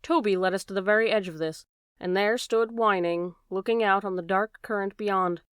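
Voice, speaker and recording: A woman narrating a classic novel as an audiobook reader, steady and measured. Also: mid-range voice, clear, resonant tone, no echo, clean studio sound.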